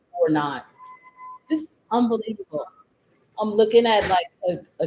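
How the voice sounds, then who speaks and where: A woman's voice: medium pitch, a little mellow, rough recording. A woman live-streaming from home, ranting in exasperation and laughing as she talks off the cuff. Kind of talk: unscripted live stream chat.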